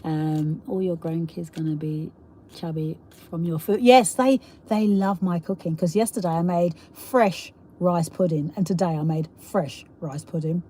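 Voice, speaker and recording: A woman's voice: fairly low pitch, steady tone, measured pace, warm tone, a little hiss or hum. A middle-aged woman with a South East London accent, hosting a casual live stream: chatty and rambling, laughing often and reading viewer comments aloud. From England. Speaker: livestream host.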